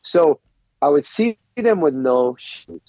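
A middle-aged man, a coaching guest on a podcast, telling stories in an excitable, rambling way and often repeating words. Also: fairly high pitch, slow pace, no room sound. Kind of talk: animated storytelling interview. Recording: dull, lo-fi, dry recording.

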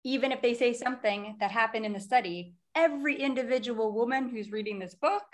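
A woman's voice: on the high side, fairly quick. A woman co-hosting a podcast, chatting casually and animatedly about a book. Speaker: podcast co-host. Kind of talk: casual book-club chat.

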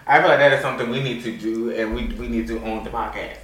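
A man's voice: medium pitch, steady tone, quick pace, very noisy. A young man co-hosting a podcast, telling stories in a casual slangy way and laughing often. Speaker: podcast co-host. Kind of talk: casual chat. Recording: roomy sound, mic at a distance.

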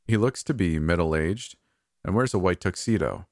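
A man narrating a first-person horror story in a calm, measured, slightly wry way. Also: sits low, no room sound, clean studio sound.

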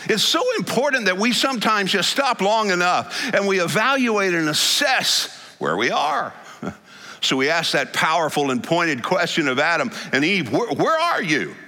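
A man's voice: high-pitched, lively intonation, moderate pace, sharp tone. A man preaching a sermon in a church sanctuary, in an emphatic style that stresses single words. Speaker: pastor. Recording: long hall reverb.

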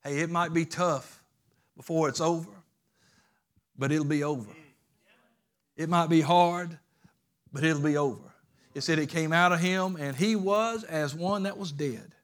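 A pastor preaches a sermon in a fairly high male voice. He swings between loud, urgent climaxes and soft, low passages, repeating his phrases for emphasis in a loose, colloquial way. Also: unhurried, pauses often.

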